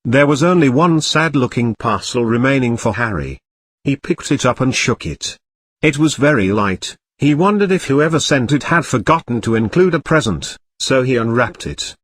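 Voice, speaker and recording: A man narrating a comic storybook parody in a deadpan reading style. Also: medium pitch, moderate pace.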